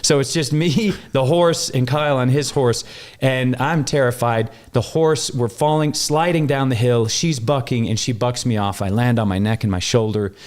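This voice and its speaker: A man from Wyoming telling a long story in casual conversation, animated and jumping up in pitch when he acts out what people said. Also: normal speed, few pauses. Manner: animated, acts out quoted voices with big pitch jumps. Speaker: guest.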